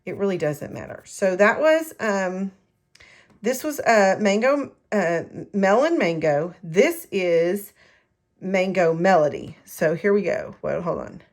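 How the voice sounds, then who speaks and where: A woman's voice: medium pitch, big pitch swings, slow. A middle-aged woman giving a casual, rambling craft tutorial from her home craft room, correcting herself as she goes. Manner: chatty, rambling, self-correcting. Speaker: card-making demonstrator.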